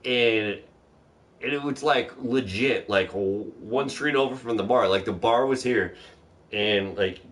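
In a casual chat, a man tells a long, rambling, profane story, acting out other people's lines as he goes. His lowish voice is unhurried and fairly bright in tone.

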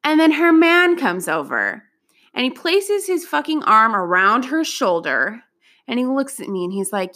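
A young adult woman tells a personal anecdote, casual, profane and animated, sometimes bursting out loudly. Her voice is fairly high and her pace measured.

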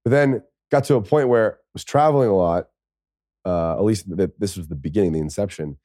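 An American man in his thirties, a podcast guest, telling stories in a casual, lively way, swearing now and then. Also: deep voice, fairly quick, no echo, clean studio sound. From United States. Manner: lively, swears, acts out quoted speech. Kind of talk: casual storytelling.

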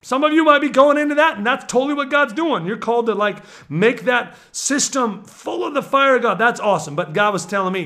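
A man preaching with excitable energy, swinging from low murmurs to shouted exhortations. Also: a little fast, hardly any pauses.

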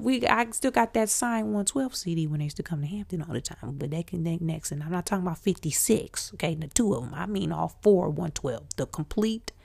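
A woman in her forties from Michigan hosting a podcast, telling stories in an animated, excitable way. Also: lowish voice, normal speed, creaky, hardly any pauses. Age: 40s. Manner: animated, excitable, with bursts of emphasis. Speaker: podcast host. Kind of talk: casual storytelling.

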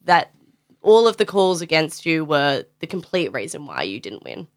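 A young Australian woman in casual podcast talk with a fairly low voice. She argues her point with plenty of likes and laughs easily. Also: sing-song, normal speed. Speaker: podcast co-host. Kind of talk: casual chat about rugby league.

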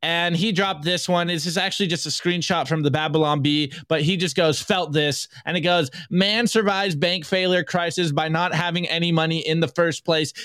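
A man co-hosting a podcast, chatting casually and reading memes aloud in an energetic, slangy way. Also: fairly high pitch, no room sound. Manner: energetic, slangy, quick asides. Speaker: podcast co-host.

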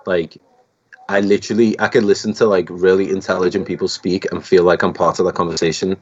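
A young man with a Liverpool accent talks in a low, relaxed voice, rambling casually as a podcast guest. His audio comes through dull and lo-fi. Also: a little fast. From Liverpool, England. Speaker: guest musician.

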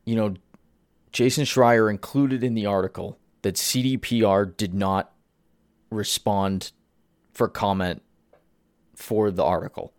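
A man's voice: lowish voice, steady tone, unhurried, pauses often, no echo, studio quality. A man hosting a solo commentary podcast, ranting in an exasperated way. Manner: ranting, exasperated, swears at target. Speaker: podcast host.

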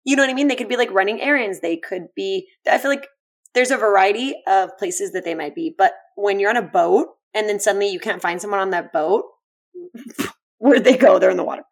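A woman's voice: medium pitch, fairly quick. A woman co-hosting a casual podcast, reacting with questions and wry asides. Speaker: podcast co-host. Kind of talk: casual chat.

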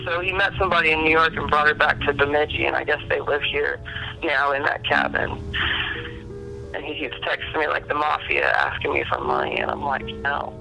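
Gravelly, bright-voiced woman comedian. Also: low voice, lively intonation, fairly quick, faint music behind, low-quality recording. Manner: candid storytelling, swears freely. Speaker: comedian guest. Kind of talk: casual podcast chat.

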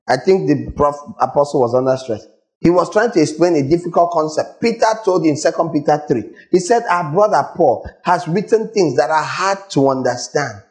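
A man's voice: high-pitched, expressive, moderate pace, poor audio. A man preaching a sermon, emphatic and scolding, questioning his congregation directly and repeating his points. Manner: emphatic, repetitive, asks the audience questions.

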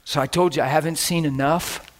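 A man preaching a sermon, telling animated stories and acting out scenes, breaking into laughter, shouts and whispers. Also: on the high side, brisk, slight background noise. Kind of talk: storytelling sermon.

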